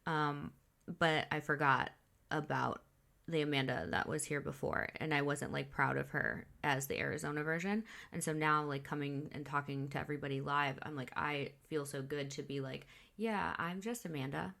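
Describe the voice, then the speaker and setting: A woman's voice: sits low, flat delivery, normal speed, vocal fry, a bit bright. A woman in her thirties from Illinois, co-hosting a podcast in casual chat, candid and swearing freely with lots of fillers. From Illinois, USA. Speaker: podcast co-host.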